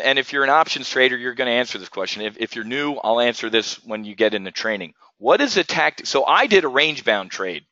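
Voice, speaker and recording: Guy running a live options webinar, keeps quizzing folks, swears a lot, crisp bright tone, dead dry sound. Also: fairly low pitch, no room sound, dull audio. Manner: energetic, profane, rhetorical questions to viewers. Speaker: options trading instructor. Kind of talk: live trading webinar lesson.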